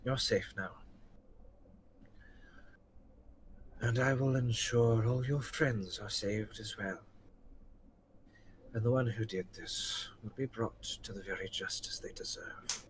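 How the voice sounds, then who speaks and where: A man voicing a powerful male wizard who speaks gently and with command. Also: lowish voice, slow pace, slight background noise, poor audio. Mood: reassuring.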